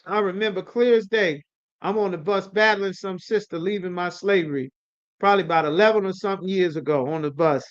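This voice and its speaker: A man with a fairly high voice runs a live online scripture class, calling on students and teasing them in loose, slangy talk. The audio is dull and lo-fi, like a stream through a video call. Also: brisk. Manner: calls on students, chiding and coaxing, slangy. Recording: lo-fi livestream audio.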